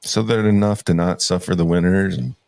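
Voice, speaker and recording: A man's voice: deep voice, fairly even intonation, brisk, gravelly, a little mellow, clean tone. A man chatting casually, chiming in with short, wry comments. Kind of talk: casual chat.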